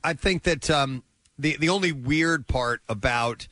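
Bright-voiced male radio host. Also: fairly high pitch, unhurried, no echo, studio quality. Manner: loose storytelling with joking asides. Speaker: radio morning show host. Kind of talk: casual radio banter.

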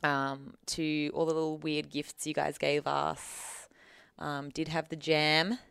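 A woman's voice: deep voice, little pitch movement, slow, gravelly, fairly bright tone, clear, resonant tone, no room sound. An Australian woman co-hosting a podcast in casual chat, chatty and laughing easily, with casual swearing. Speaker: podcast co-host.

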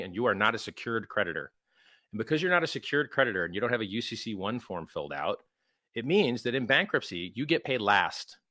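A man with a somewhat low, bright and forceful voice talks emphatically, slipping into mocking voices for quoted exchanges. The sound is dry and close to the mic. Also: dry recording. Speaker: guest, crypto founder. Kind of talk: animated interview talk.

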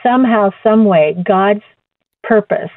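A woman recounts her faith testimony as a guest, speaking earnestly and halting to repeat words. Her voice comes through a thin, phone-like line. The sound is close and dry. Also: medium pitch, dry recording.

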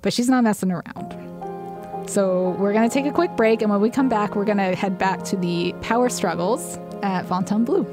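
A woman co-hosting a podcast in casual recap chat, animated, acting out lines and laughing often. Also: mid-range voice, moderate pace, music in the background. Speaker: podcast co-host.

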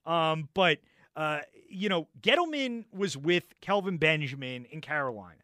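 Loud animated sports radio host, man. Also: fairly high pitch, normal speed, no echo, clean studio sound. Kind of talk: heated sports talk. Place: radio studio. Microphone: studio microphone.

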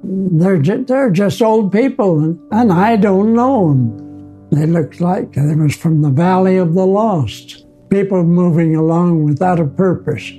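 Slow, halting old man. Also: high-pitched, warm tone, soft background music. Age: older. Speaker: nursing home resident. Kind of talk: interview recollection. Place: assisted living center.

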